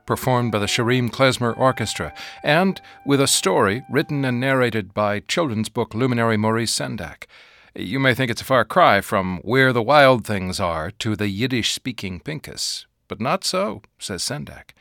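A man hosting a public radio program with smooth, measured scripted announcing. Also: medium pitch, lively intonation, a bit bright, soft background music. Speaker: radio host.

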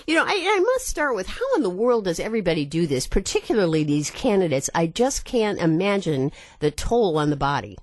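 Low-voiced radio host woman, dry studio sound. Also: sing-song, brisk, hardly any pauses, no room sound. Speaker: radio talk show host. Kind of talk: public radio call-in show hosting. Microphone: studio microphone.

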